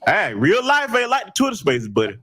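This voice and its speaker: A man hosting a heated commentary broadcast, talking in an emphatic, taunting, loud way. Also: sits high, wildly swooping pitch, fairly quick. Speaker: host.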